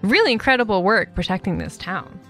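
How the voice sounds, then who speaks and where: A woman's voice: medium pitch, lively intonation, a little fast, a bit bright, faint music behind. A woman voicing a friendly young female dwarf traveler in a tabletop game, chatty and eager.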